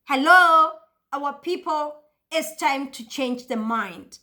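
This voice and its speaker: A woman vlogger talks to camera in a passionate, emphatic way and repeats her points. Her voice is high and bright. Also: slow pace. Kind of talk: casual monologue to camera.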